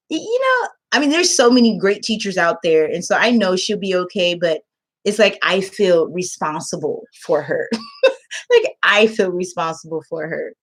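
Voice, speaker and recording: A woman who tutors English online, telling a story to camera in casual chat and acting out the quotes. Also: lowish voice. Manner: emotional storytelling, acts out quotes.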